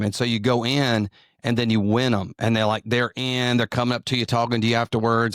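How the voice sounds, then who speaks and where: A man's voice: mid-range voice, flat delivery, normal speed, clean tone, no echo, studio quality. A middle-aged man with a Southern US drawl, a comedian and pastor who tells rambling, self-deprecating stories in conversation. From American South. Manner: rambling, self-deprecating storyteller with many restarts. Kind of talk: interview conversation.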